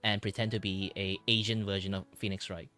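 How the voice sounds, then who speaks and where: A man's voice: on the low side, flat delivery, a little fast, bright, forceful tone. A man streamer and artist in casual chat, rambling with lots of fillers.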